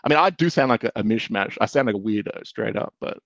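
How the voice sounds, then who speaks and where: A man's voice: fairly low pitch, lively intonation, fast talker, creaky, a bit bright, dry recording. A young Australian man with an Australian accent, a guest on a casual podcast, chatty and rambling. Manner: chatty, rambling, slips into impressions. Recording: slightly dull, lo-fi mic.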